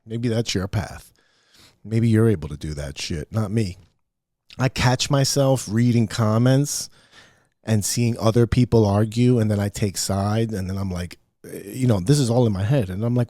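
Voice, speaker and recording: A man's voice: lowish voice, normal speed, dark tone, dry recording, clean studio sound. A middle-aged man hosting a podcast, rambling through a profane, self-mocking solo rant. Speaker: podcast host. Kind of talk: casual solo podcast monologue.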